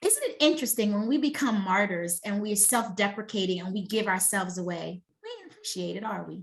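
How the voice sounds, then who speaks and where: A woman's voice: medium pitch, brisk. A middle-aged woman wellness coach giving a motivational master class talk. She speaks emphatically and conversationally and keeps checking in with her listeners.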